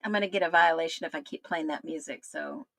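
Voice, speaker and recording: A woman hosting a livestream, exclaiming in disbelief and talking straight to her viewers, her voice going hoarse. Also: sits low, fast talker, fairly bright tone, no room sound. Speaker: livestream host. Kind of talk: excited livestream commentary.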